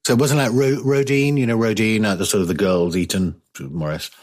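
A man's voice: lowish voice, steady tone, brisk, a little mellow. A British man hosting a talk radio show, chatting casually and rambling with many restarts. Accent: British English. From Britain.

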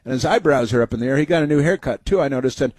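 Male talk host, mid-pitched, close dry studio mic, rambling and sarcastic. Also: racing, a little mellow, husky, no echo. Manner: rambling, sarcastic, many fillers and restarts. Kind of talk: opinionated talk show monologue.

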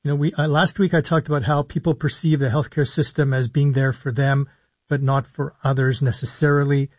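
A man, a physician hosting a live call-in radio show, explaining in a measured way with slow emphasis on key words. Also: mid-range voice, flat delivery, darkish tone, no echo, highs cut off. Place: radio studio.

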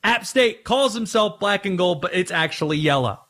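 A man hosting a sports talk radio show, ranting in a playful, animated way. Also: sits high, moderate pace.

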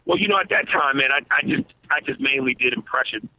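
A man's voice: mid-range voice, fast talker, no echo. Male comedian guest phoning in, mid-range voice, tinny line, laid-back with many stumbles. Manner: relaxed, stammers and restarts often. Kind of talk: casual radio interview.

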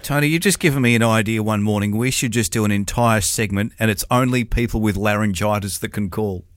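A young man hosting breakfast radio, chatty and jokey, a little hoarse from a cough. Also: lowish voice, a little fast. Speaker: radio host. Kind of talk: casual breakfast radio chat.

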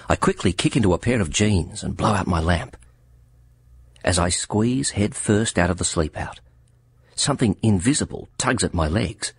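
A man narrating an audiobook in measured, expressive storytelling. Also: low voice, husky, no echo.

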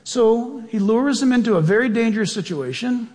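A male pastor preaching a sermon and praying in an earnest, drawn-out way. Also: extremely high pitch, lively intonation, a little mellow, in a large hall.

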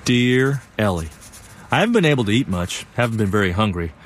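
A young actor narrating a one-man stage play as an earnest young man, telling the story in a lively, wry way. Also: lowish voice, a little fast, slight background noise, lightly acted.

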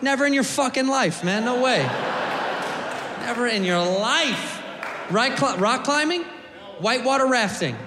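A man doing a loud, profane stand-up set, talking straight to the audience. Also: very high-pitched, measured pace, pauses often, background noise. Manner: loud, profane, animated, talks to the crowd. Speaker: stand-up comedian. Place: comedy club stage. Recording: echoey club with laughing crowd.

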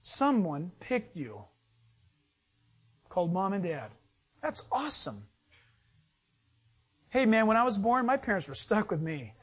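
A middle-aged male pastor preaching a sermon, telling a story in a lively way and acting out the voices of the people in it. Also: high voice, measured pace, long pauses, slightly rough. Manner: storytelling, animated, acts out voices in anecdotes.

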